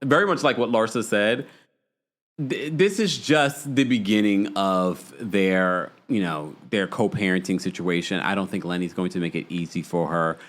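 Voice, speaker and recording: A man hosting a live recap show, chatting casually, reading out viewer comments and gossiping with animated energy. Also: low-pitched, normal speed. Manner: animated, gossipy, mimics people in quotes. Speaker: podcast host.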